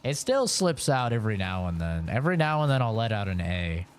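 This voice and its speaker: A man's voice: lowish voice, sing-song, a little fast, clear, resonant tone. A Canadian man in his twenties streaming a game, chatting casually and rambling as he answers his viewers. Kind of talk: casual live-stream chat.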